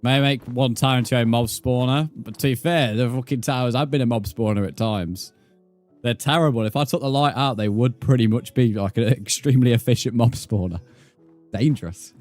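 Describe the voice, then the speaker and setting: A man's voice: medium pitch, fairly quick, darkish tone, soft background music. A British man chatting casually while livestreaming a game, swearing freely and muttering counts under his breath. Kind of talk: casual gaming livestream chat.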